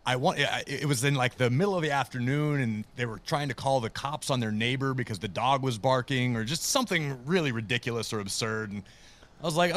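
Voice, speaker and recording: Brief: man in his thirties, self-deprecating guest storyteller, mid-range voice, lively quoted voices. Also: mid-range voice, brisk. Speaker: wrestling commentator, guest. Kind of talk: casual interview storytelling.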